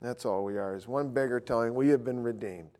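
A man's voice: mid-range voice, fairly quick, a little mellow. Male Bible teacher, informal and blunt, thinks aloud while he teaches. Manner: blunt, informal, self-interrupting.

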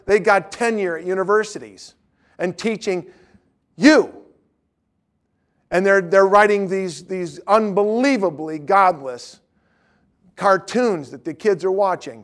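A man in his fifties teaching a class on evangelism, telling stories and pressing his listeners with emphatic questions. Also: high-pitched. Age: 50s. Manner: animated storytelling, rising to emphatic questions.

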